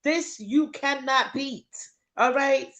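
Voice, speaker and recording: Chatty, slow-talking woman livestream host. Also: high voice, fairly bright tone. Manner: chatty, laughs often, talks to viewers while fiddling with settings. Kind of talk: casual livestream chat.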